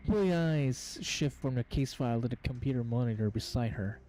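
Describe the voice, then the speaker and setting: A man's voice: medium pitch, fairly quick, few pauses, mellow, a little hiss or hum, low-quality recording. A man hosting gameplay commentary, reading on-screen game text aloud and stumbling over words as he goes. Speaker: gaming channel host.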